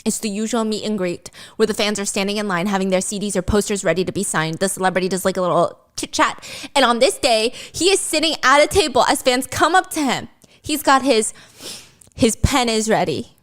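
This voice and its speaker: A woman's voice: medium pitch, lively intonation, a little fast, a bit bright. A woman host telling a true crime story in a playful, chatty way, with giggly asides.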